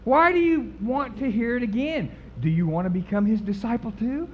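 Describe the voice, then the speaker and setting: A man's voice: extremely high pitch, lively intonation, normal speed, few pauses. A man preaching a sermon in a church, emphatic and folksy, repeating words for effect. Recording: slightly dull recording with faint background noise.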